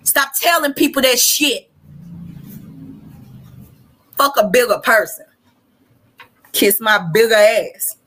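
A woman's voice: fairly high pitch, takes it slowly, long pauses, a bit bright. A woman with a Southern US accent hosting a live podcast, ranting bluntly with lots of profanity. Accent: Southern US (Arkansas). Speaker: podcast host. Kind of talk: livestream rant.

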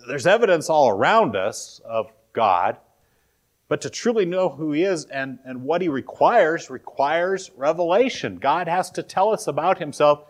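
A man as pastor, preaching an earnest, emphatic sermon and quoting scripture. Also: fairly high pitch.

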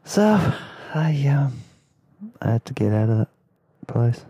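A man's voice: mid-range voice, very animated, slow pace, dark tone, slightly rough, dry recording. A man with an English accent narrating his travel memoir in a laid-back, candid way, swearing casually. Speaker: storyteller.

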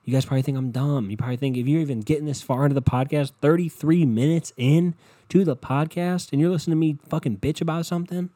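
A man's voice: fairly high pitch, fast, warm tone, dry recording. A young man hosting a solo podcast from his bedroom, rambling and swearing as he builds into impassioned rants. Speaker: podcast host. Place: bedroom at home.

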